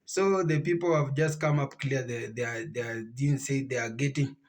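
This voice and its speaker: A man hosting a reaction video, explaining things haltingly and repeating himself. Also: mid-range voice. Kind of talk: casual explanatory commentary.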